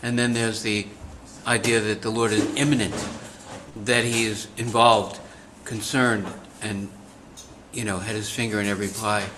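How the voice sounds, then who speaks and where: A man calmly explaining a theological idea in a devotional class over a call. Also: on the low side, noisy background. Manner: calm, explanatory. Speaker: class participant.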